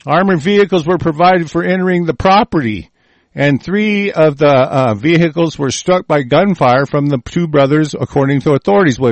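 A commentator with a higher-pitched voice rants furiously, swearing constantly as he reads news reports aloud and cuts in to attack them. The recording has no echo.

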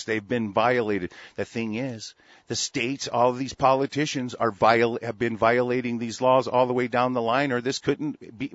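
A man's voice: mid-range voice, dry recording, dull audio. A man in an angry, profane political rant, heated and repetitive.

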